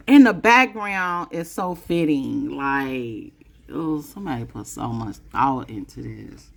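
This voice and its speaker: A woman's voice: extremely low pitch, takes it slowly, gravelly. A woman in her late fifties talking casually to camera as a vlogger, musing and chatty, calling her viewers y'all. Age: 50s.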